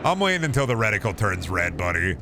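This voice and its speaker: A man's voice: lowish voice, big pitch swings, quick pace, over music. A young man casually commenting on a game he is playing, joking, swearing freely and rambling to his chat. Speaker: streamer.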